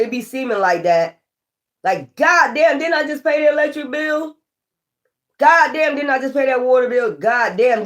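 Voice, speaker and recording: A woman tarot reader ranting casually to her viewers, profane, animated and exasperated. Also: fairly high pitch.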